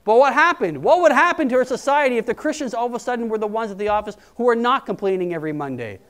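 A man's voice: very high-pitched, expressive, quick pace, a bit bright. A man preaching a sermon in a conversational, emphatic way. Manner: conversational, emphatic, quoting people in put-on voices. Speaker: pastor.

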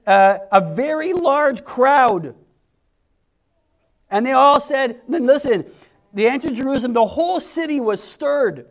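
A man preaching a conversational sermon, acting out quoted voices in an animated way. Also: extremely high pitch.

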